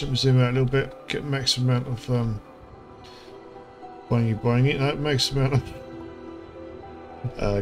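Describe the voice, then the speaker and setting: Chatty man over game music. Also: mid-range voice. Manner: chatty, rambling, with many fillers and asides. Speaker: gaming channel host. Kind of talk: casual gameplay commentary. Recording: music playing underneath.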